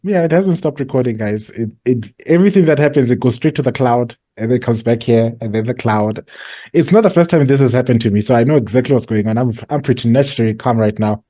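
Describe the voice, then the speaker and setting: A man's voice: medium pitch, fast. A man, co-hosting a podcast in casual chat, joking and acting out scenes. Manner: joking and animated, fond of playing out scenes. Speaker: podcast co-host.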